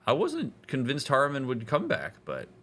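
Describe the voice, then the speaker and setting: A therapist giving let's-play commentary in a reflective, analytical way, with casual fillers. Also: male voice, medium pitch, huge pitch swings, moderate pace, a bit bright. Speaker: therapist playing a game.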